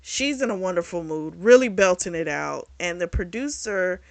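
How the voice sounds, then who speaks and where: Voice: medium pitch, lively intonation, normal speed, gravelly, dry recording. A book reviewer casually retelling a novel's plot in a candid, profane, chatty way.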